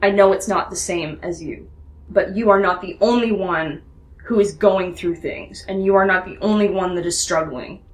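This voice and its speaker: A woman voicing a hurt, fierce young woman rebel pilot in a tabletop role-play, earnest and pleading, with deliberate pauses, recorded in a roomy space. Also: lowish voice, natural voice. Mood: anguished. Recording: roomy echo.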